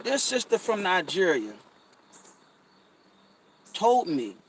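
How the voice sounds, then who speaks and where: A man's voice: high voice, big pitch swings, slow, a little hiss or hum, low-quality recording. A man talking casually on a podcast, emphatic and repetitive, telling stories with restarts and stutters. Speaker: podcast co-host. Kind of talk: casual conversational commentary.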